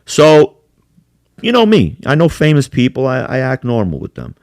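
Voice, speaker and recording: A man's voice: medium pitch, wildly swooping pitch, normal speed, a little mellow, no room sound, clean studio sound. A man telling profane, laughing anecdotes in a casual podcast chat. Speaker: podcast co-host.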